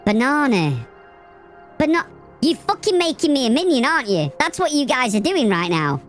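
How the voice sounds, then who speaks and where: A man talking through a pitch-shifting voice effect, making himself sound like a squeaky cartoonish little fellow, teasing and swearing. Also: very animated, fairly quick, fairly bright tone, faint music behind, heavily acted. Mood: mock-indignant.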